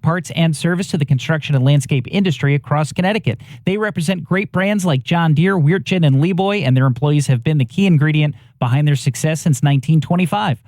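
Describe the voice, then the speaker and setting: Man, traffic report, brisk delivery, slightly high voice, dry sound. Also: a little mellow, no room sound. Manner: brisk, matter-of-fact.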